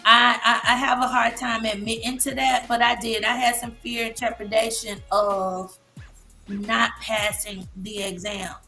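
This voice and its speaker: A woman in her fifties speaks with a bright voice that sits a little high. She talks haltingly, with fillers and restarts, and sounds near tears. Faint music plays under her. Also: flat delivery, creaky. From Massachusetts. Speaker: guest speaker, licensed therapist. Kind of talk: emotional personal testimony on a live show.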